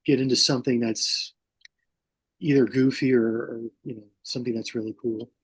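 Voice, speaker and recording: A man talking as a guest on a podcast, speaking haltingly with frequent restarts, grew up in Mississippi. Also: medium pitch, fairly even intonation, husky. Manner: halting, many restarts, laughs often. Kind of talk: casual podcast conversation.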